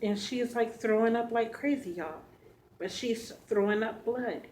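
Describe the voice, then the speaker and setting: A woman vlogger telling a personal story to her viewers, earnest and halting, speaking straight to them. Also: a little high, a little mellow, a little hiss or hum, poor audio. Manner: earnest, addresses viewers directly; halting, emotional retelling.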